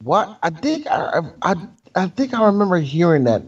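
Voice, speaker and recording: A man's voice: high voice, very animated, normal speed, husky, highs cut off. A man co-hosting a casual movie podcast, joking and swearing, laughing often. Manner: laughs often, profane, jokey impressions. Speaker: podcast co-host.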